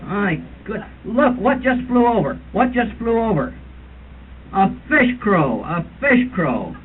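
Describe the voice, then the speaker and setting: In a comic roast, a man impersonates a fussy older birding tour leader, lecturing with mock authority and mimicking bird calls. He commits fully to the character with a high, sing-song voice at a slow pace. Soft music plays behind him, and the audio sounds like tinny lo-fi 1970s tape with hiss.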